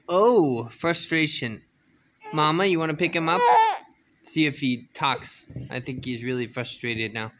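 A woman's voice: low voice, unhurried, fairly bright tone, slight background noise. A young adult woman, a mother, chatting to her baby at home in a coaxing, sing-song way. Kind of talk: casual baby talk at home.

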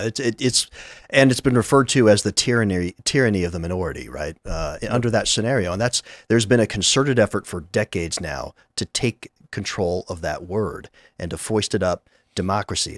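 A man's voice: on the low side, lively intonation, fairly quick, no echo. A man appearing as a guest on a podcast panel, speaking earnestly with a few restarts. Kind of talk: casual panel discussion.

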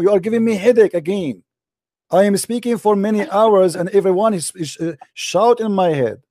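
A man's voice: high-pitched, moderate pace, mellow, no echo, clean studio sound. A man with an Arabic accent hosting a heated online debate, impatient and often cutting in while repeating his words. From Middle East. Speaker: debate host.

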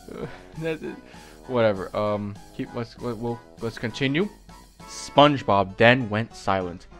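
A man reading a creepy fan story aloud, slowly, breaking off for joking asides and corrections. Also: mid-range voice, fairly bright tone, soft background music. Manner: slow, with asides and self-corrections. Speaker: creepypasta reader.

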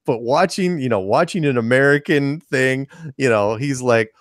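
A man co-hosting a casual podcast conversation, telling stories in an animated way with frequent restarts. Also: mid-range voice, normal speed, dry recording, clean studio sound. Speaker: co-host.

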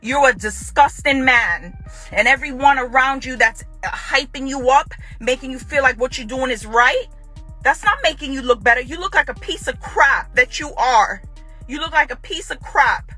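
A woman's voice: sits high, normal speed, sharp tone, husky, soft background music. A woman speaking straight to the camera about her ex-partner, confrontational and repeating her own phrases for emphasis. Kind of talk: direct address to camera.

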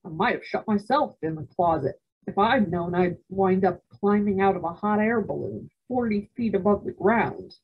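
A woman at a library reading a children's novel aloud in a measured, expressive way. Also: medium pitch, lo-fi sound, slight background noise. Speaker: library storyteller.

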